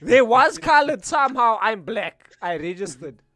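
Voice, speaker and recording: A young man with a South African accent, telling animated, laughing stories in casual chat on a stream. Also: extremely high pitch, moderate pace.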